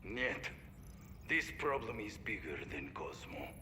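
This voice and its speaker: A man's voice: on the low side, big pitch swings, takes it slowly, pushed and bright, heavily acted. An actor with a Russian accent voicing a stern male telepathic space dog who talks in clipped, broken sentences, heard in game audio. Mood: grave. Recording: game audio, long reverb, hiss.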